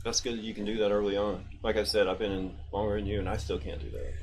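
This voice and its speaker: A man's voice: fairly low pitch, fast talker, over a noisy crowd. A man in his forties hosting a casual interview show, easygoing and supportive, often laughing along with his guest. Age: 40s. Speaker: podcast host. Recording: noisy background ambience.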